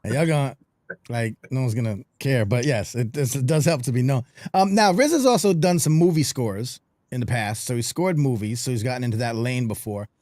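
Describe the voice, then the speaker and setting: A man's voice: mid-range voice, animated, fairly quick, mellow, dry recording, clean studio sound. A man hosting a live online show, chatting loosely with plenty of fillers. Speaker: podcast host. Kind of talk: casual livestream chat.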